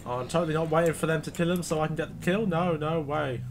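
A man's voice: fairly high pitch, fast talker, few pauses, background noise. A man giving rambling, self-correcting commentary while reviewing a video game. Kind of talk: gameplay commentary.

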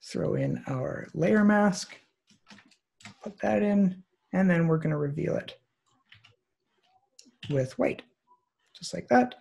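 A man walking through a photo compositing tutorial on screen, relaxed and thinking aloud with many fillers. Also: high-pitched, takes it slowly, gravelly, pauses often, slightly rough. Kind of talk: screen-share software tutorial. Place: online presentation, recorded at his computer.

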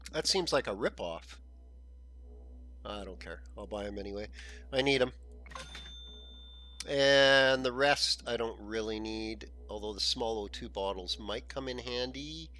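Bright, slow-talking man narrating gameplay. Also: on the low side. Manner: chatty, thinking aloud, frequent throat clearing. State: frog in his throat. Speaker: gaming channel host. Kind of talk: casual gameplay commentary.

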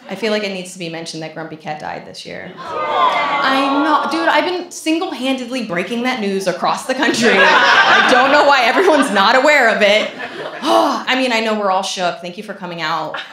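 A woman performing stand-up in an echoey room, her sarcastic storytelling bouncing off the walls. Loud noise hums underneath everything. She shifts quickly between dry asides and loud bursts. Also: fairly high pitch. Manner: animated, sarcastic storytelling with sudden loud outbursts. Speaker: stand-up comedian. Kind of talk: stand-up comedy set. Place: comedy stage with a live audience.

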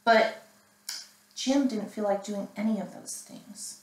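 A woman librarian reading a picture book aloud to children, animated and asking her listeners questions. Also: a little high, measured pace, long pauses. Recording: roomy, mic at a distance.

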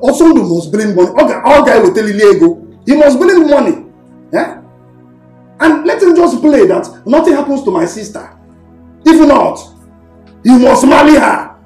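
An actor playing a protective brother with a Nigerian accent, calmly reassuring his family. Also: high voice, brisk, few pauses, faint music behind. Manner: reassuring, soothing. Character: protective brother of a hurt woman. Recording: echoey room.

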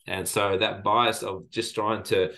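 A man's voice: fairly low pitch, level tone, unhurried, bright, forceful tone. A man from Lebanon, a guest in an interview, telling stories in a reflective way with many fillers and restarts. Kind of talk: casual interview storytelling.

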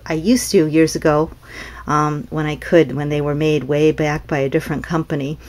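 A middle-aged woman with a low voice talks through a crafting show-and-tell. She rambles in a friendly, unscripted way, restarting sentences and filling gaps with ums. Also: fairly even intonation, moderate pace, a little mellow. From North Carolina, US. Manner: chatty, meandering, with frequent restarts and ums. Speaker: craft seller showing customer cards. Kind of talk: casual show-and-tell vlog.

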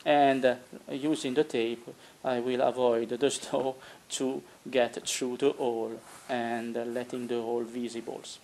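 A man's voice: mid-range voice, little pitch movement, unhurried, darkish tone. A man who is not a native English speaker explains his hobby build step by step in a casual how-to style, hesitating often and correcting himself. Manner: hesitant, many filler sounds, self-correcting. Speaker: hobbyist tutorial maker. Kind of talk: casual how-to narration while working.

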